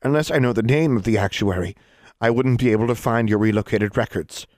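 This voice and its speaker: A man's voice: on the low side, fairly quick, darkish tone, no echo, studio quality, pitched above the performer's own voice, lightly acted. A man voicing a nervous elderly wizard clerk who answers warily and hesitantly. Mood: wary. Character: nervous old bearded male wizard clerk.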